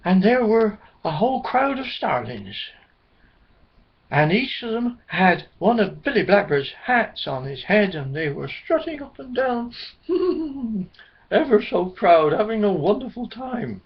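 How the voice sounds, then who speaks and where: Slow husky guy reading a kids story, lively ups and downs, dull lo-fi recording. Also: high-pitched. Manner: gentle, chuckling storybook telling.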